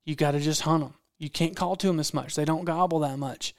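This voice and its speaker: A man's voice: fairly high pitch, fairly even intonation, brisk, no echo, studio quality. A man telling a hunting story in casual talk, acting out quotes and repeating phrases for effect. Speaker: podcast guest storyteller, hunting videographer.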